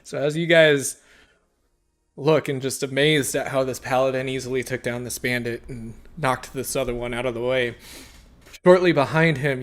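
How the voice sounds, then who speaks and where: A man narrating as dungeon master, lively and quick to laugh. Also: medium pitch. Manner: laughing often, animated narration. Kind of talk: narrating a tabletop game.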